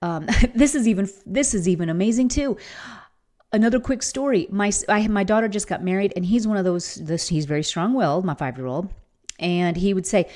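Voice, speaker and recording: A middle-aged woman speaks with eager, heartfelt enthusiasm in a motivational faith talk. She tells stories from her own life and urges listeners to act. Her voice sits at a middle pitch. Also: brisk, a little mellow. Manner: enthusiastic, earnest storytelling.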